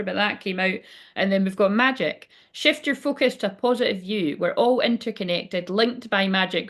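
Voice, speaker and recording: A woman giving a live spiritual card reading, chatty and chipper as she talks straight to her viewers. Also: mid-range voice.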